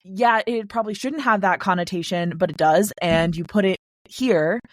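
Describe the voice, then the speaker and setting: A woman who is a guest on a podcast, talking casually and with strong opinions, rushing through some phrases and laughing between points. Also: medium pitch, no echo, studio quality.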